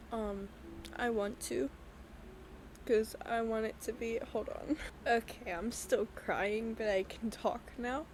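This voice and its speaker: A young woman hosting her own podcast, talking candidly in a halting, hesitant way with many pauses and ums. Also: a little high, darkish tone, slight background noise. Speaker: podcast host. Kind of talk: candid personal talk. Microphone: voice-only recording with a black screen.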